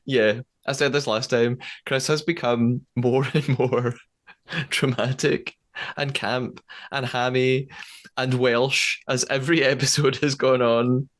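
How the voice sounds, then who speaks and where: A man's voice: medium pitch, steady tone, slow, fairly bright tone. A man co-hosting a podcast, chatting casually about a reality show, amused and chuckling, sometimes hesitant. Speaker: podcast co-host, newcomer to the show.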